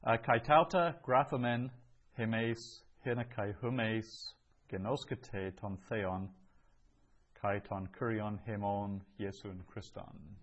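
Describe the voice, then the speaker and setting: A man's voice: on the low side, steady tone, slow pace, dull audio. Man teaching a class, patient and explanatory. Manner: patient, explanatory, with many ums. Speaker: Greek teacher. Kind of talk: classroom lesson.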